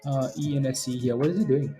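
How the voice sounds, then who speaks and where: A medium-pitched man with a dark tone talks quickly over faint music. Hosting a live stock trading stream, he chats casually with viewers and chuckles often while commenting on the market.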